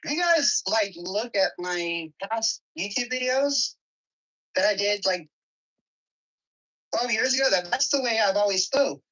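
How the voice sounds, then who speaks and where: A woman's voice: mid-range voice, animated, a little slow, long pauses, fairly bright tone, recorded from a distance, rough recording. Defensive, matter-of-fact female guest. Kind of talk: casual call-in chat.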